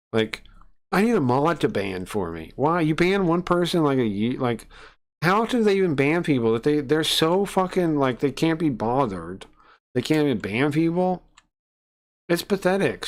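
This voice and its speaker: A man from the United States on a casual live stream, ranting in a profane, scornful way into a desk mic. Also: mid-range voice.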